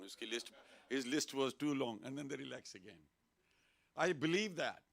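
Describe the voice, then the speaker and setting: A man gives a casual sermon in a temple hall, with a gravelly edge to his voice. He keeps it playful and lively and draws the listeners into call-and-response chanting. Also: mid-range voice, moderate pace. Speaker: temple speaker. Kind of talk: informal sermon to a congregation.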